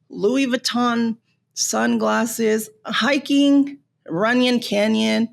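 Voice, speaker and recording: Vocal-fry woman ranting on a podcast. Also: a little high, very slow. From Los Angeles. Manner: animated, sarcastic, swears freely. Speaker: podcast host. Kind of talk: casual rant.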